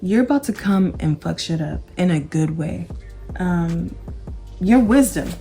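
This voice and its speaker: An excited woman gives a casual tarot reading, talking with emphatic bursts and lots of repetition. Her voice sits a little low. Soft music plays faintly underneath. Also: measured pace. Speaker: tarot reader.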